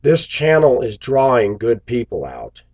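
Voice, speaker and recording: A man's voice: mid-range voice, very animated, measured pace, a little mellow, lo-fi sound. A man vlogging to his viewers in a bitter, sarcastic, preachy rant. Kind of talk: ranting to camera.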